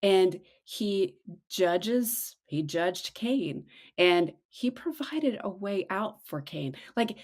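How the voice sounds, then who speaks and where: A middle-aged woman co-hosting a casual devotional chat, slowing and softening on her reflective points. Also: animated. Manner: acts out quoted voices with big pitch jumps. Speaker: podcast co-host.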